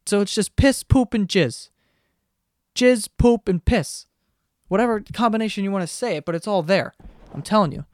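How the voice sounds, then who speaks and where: A man's voice: high voice, moderate pace. A man in his twenties hosting a solo podcast from his basement room, rambling and swearing casually with self-deprecating jokes. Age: 20s. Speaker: podcast host. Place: basement bedroom at home. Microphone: podcast microphone.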